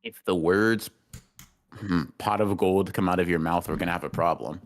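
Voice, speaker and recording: A young man co-hosting a casual podcast livestream, teasing his friend and reading super chats, with sudden high-pitched bursts. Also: steady tone, moderate pace. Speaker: podcast co-host.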